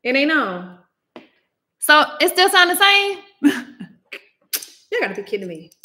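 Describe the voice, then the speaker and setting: A woman's voice: sits high, sing-song, unhurried, sharp tone. A young woman hosting a casual livestream, chatty and exclaiming, often laughing, talking into a laptop microphone. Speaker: livestream host.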